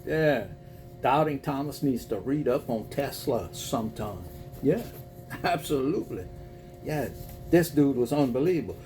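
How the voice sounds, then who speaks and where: A man's voice: mid-range voice, expressive, unhurried, music in the background. Folksy Cajun man chatting live. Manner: folksy, calls people boo, reads viewer messages aloud. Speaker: spiritual reading host. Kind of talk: casual livestream chat. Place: home, packing to move.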